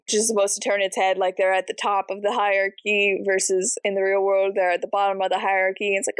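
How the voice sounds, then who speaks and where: A woman co-hosting a book club podcast, chatting casually and acting out characters' lines in quick voices. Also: mid-range voice, fairly bright tone, clear, resonant tone, no room sound. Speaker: podcast co-host.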